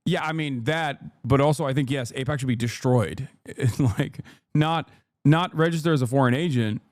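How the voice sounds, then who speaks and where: A man's voice: mid-range voice, normal speed, darkish tone, no echo, studio quality. A man in his thirties, a streamer, giving blunt, sarcastic commentary on a clip with frequent laughs. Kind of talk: casual commentary.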